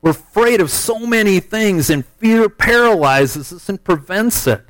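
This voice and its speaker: A man, telling a hunting story in a folksy, animated way as part of a sermon. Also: high voice, a little slow, dry recording, low-quality recording. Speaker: speaker telling a testimony.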